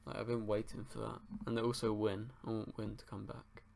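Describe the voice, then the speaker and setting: A young man hosts a casual livestream, reading out viewers' questions and answering in a loose, rambling way. His voice sits on the low side with a gravelly fry running through it. He swears offhandedly and sounds relaxed throughout. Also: moderate pace. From England. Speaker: livestream host.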